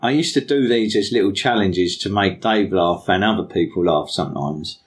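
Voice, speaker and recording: Lower-voiced chatty man. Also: normal speed. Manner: chatty, self-mocking. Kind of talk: casual storytelling.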